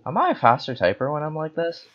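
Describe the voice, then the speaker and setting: A man's voice: on the high side, huge pitch swings, quick pace. A man from the Philippines giving jokey, erratic gaming commentary while tipsy on wine, breaking into sudden screams. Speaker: gaming host. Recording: dull lo-fi recording.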